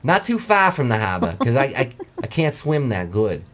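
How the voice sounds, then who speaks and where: A man's voice: medium pitch, big pitch swings, moderate pace. A man voicing a foul-mouthed, blustery male lobster diver with a Maine accent, telling his tale in a profane ramble.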